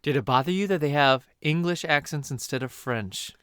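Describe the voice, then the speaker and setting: A man's voice: on the high side, normal speed, fairly bright tone, smooth, dry recording, clean studio sound. A male podcast co-host in casual movie chat, enthusiastic and full of "like" fillers.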